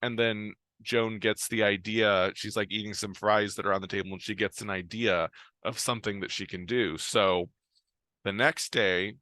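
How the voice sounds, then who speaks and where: Rambling man with a bright voice. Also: lowish voice, steady tone, moderate pace, no room sound. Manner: rambling, full of restarts and ums. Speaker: show recapper. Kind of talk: casual plot retelling.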